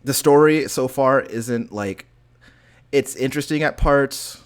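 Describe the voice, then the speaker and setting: A man's voice: medium pitch, measured pace, smooth. A man co-hosting a podcast, chatting casually about video games and rambling with lots of filler words. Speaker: podcast co-host.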